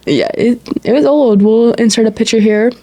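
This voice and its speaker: A woman's voice: a little high, moderate pace. A woman co-hosting a podcast, casually telling a story and acting out quoted dialogue, full of "like" fillers. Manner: animated retelling with quoted dialogue and frequent "like". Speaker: podcast co-host.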